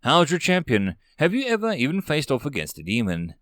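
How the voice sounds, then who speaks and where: In this clip a man plays a strict female marshal issuing fast commands, with lively pitch movement and a dry, close sound. There's no room sound, and the delivery is heavily acted.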